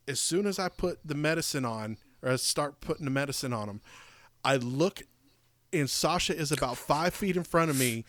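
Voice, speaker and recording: A middle-aged man co-hosting a podcast, telling stories in casual chat, animated and rambling with many restarts. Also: medium pitch, no echo. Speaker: podcast co-host.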